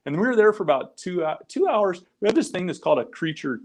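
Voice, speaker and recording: A man's voice: sits high, very animated, fast talker, slight background noise. A middle-aged man, a guest on a podcast, telling casual stories with many restarts and little acted quotes. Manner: rambling anecdotal storyteller, frequent restarts and acted quotes. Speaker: guest, founder of a crayfishing group. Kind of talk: casual storytelling interview.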